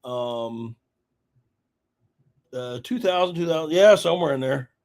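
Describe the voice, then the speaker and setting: A man's voice: mid-range voice, lively intonation, unhurried, a little mellow. A middle-aged man hosting a live stream, telling a hunting story in a rambling, laughing way with lots of fillers. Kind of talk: casual storytelling chat.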